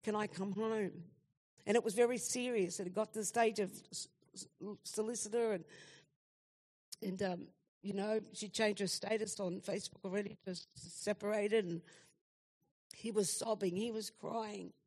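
A woman's voice: medium pitch, steady tone, normal speed, a little mellow. A woman in her sixties giving an earnest, heartfelt spoken testimony to a church gathering.

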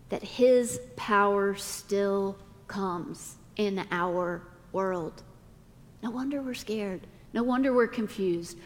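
A middle-aged woman pastor preaching a sermon, speaking deliberately with dramatic pauses. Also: mid-range voice. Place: church sanctuary. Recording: long reverb of a church hall.

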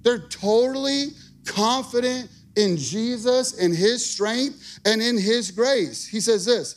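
A male pastor preaching a sermon, energetic and emphatic, repeating phrases for punch and throwing in casual asides to the congregation. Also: extremely high pitch, slow.

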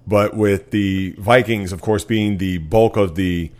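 Low-voiced rambling sports podcast host. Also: male voice, fairly even intonation, takes it slowly, a little mellow. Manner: rambling, filler-heavy, frequent "uh". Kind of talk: casual sports talk.

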